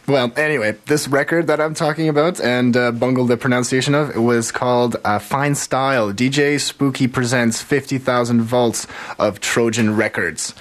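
Casual rambling male radio host. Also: medium pitch. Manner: rambling with many fillers, self-mocking. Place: radio studio.

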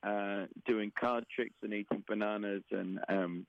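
Deadpan man with a Southeast London accent. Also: fairly low pitch, measured pace, gravelly, dry recording, lo-fi sound. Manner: dry, deadpan humor. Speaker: guest performer. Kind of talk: casual interview chat.

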